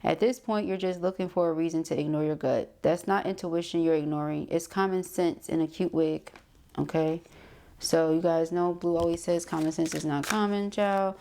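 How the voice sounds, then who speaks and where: A woman giving a tarot reading straight to her viewers, talking in a loose, slangy way. She is sassy and blunt, breaks into quick laughs, and calls her listeners honey and child. Her speaking voice sits a little low for a woman. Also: steady tone, dark tone. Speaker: tarot reader and spiritual coach. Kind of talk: casual chat to viewers.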